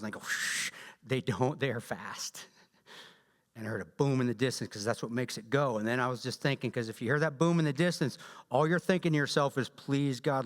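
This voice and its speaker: A man with a Southern drawl, speaking as guest speaker and telling his story to a church audience in a blunt, joking, animated way. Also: medium pitch. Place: large church hall. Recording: long echo of a large church hall.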